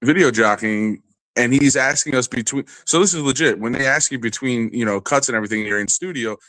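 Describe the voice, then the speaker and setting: A man telling a long, animated and profane story in a casual podcast chat. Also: mid-range voice, a little fast, dry recording. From New York area.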